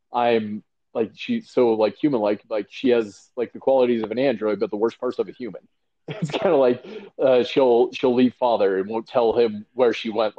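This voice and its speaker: A man's voice: lowish voice, warm tone, lo-fi sound. A man co-hosting a casual chat, rambling with many fillers and acting out quotes. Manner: rambling, lots of fillers and acted-out quotes, laughing. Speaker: podcast co-host.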